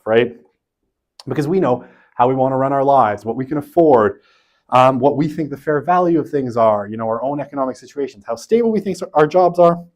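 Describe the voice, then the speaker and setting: A man's voice: medium pitch, darkish tone. A man giving a university lecture in a loose, conversational way, often checking in with his listeners. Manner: conversational, tags points with "right?".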